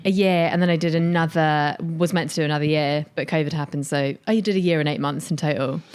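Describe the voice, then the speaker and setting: A British woman in relaxed podcast chat, her voice sitting a bit low for a woman. She is bubbly and laughs easily, and she retells moments by quoting people. It comes across as friendly banter. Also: quick pace, clear, resonant tone. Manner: bubbly, laughs often, quotes people in dialogue. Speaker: podcast co-host. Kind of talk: casual chat.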